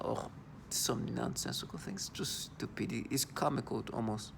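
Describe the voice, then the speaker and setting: A man's voice: medium pitch, vocal fry, slight background noise. A man talking into his own video, agitated and disgusted, stumbling through restarts and fillers. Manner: halting, full of restarts and fillers. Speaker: vlogger. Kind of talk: personal video monologue.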